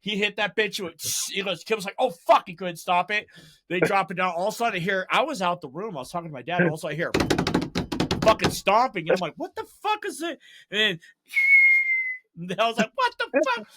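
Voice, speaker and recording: A man's voice: high voice, a little fast, pushed and bright. A man hosting a podcast, telling profane stories in casual chat, acting out his friends' lines and laughing often. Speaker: podcast host.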